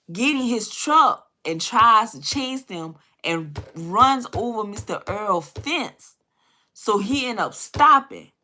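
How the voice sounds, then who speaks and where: A woman's voice: medium pitch, bright, forceful tone. A woman in her thirties telling a story casually to her viewers while doing her makeup, talking straight to them and cursing freely. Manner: chatty, addresses viewers as y'all, profane. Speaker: beauty vlogger.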